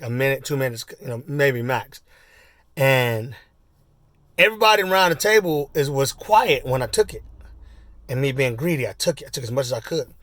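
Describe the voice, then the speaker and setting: A man in his forties telling a personal story in a casual, rambling way, full of fillers and asides, and getting animated as he acts it out. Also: mid-range voice, no echo, clean studio sound. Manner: animated when acting out the story. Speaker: vlogger.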